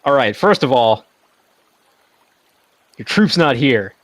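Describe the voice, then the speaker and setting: A man's voice: medium pitch, big pitch swings, takes it slowly, no room sound. A man speaking as a player in a tabletop game, laid-back and wry. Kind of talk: casual in-character table talk.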